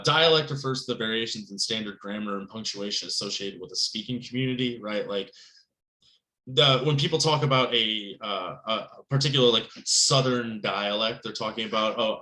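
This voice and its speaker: A man giving a recorded writing lecture in a conversational, rambling way, often checking in with "right?" and getting animated on key points. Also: echoey room, poor audio. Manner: animated, pitch jumps up on emphasis. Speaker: writing instructor.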